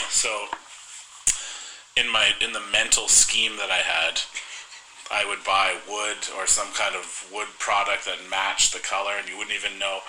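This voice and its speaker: A man's voice: fairly low pitch, little pitch movement, a little slow, bright, forceful tone, rough recording. A young man co-hosting a podcast, telling a rambling, self-mocking story in casual chat. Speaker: podcast co-host.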